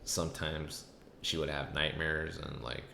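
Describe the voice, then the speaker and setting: A man's voice: extremely low pitch, fairly even intonation, a little slow, vocal fry, bright, forceful tone. A man hosting a podcast, telling a story casually, rambling and swearing with lots of fillers. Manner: rambling, profane, many fillers. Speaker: podcast host. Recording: echoey room with faint noise.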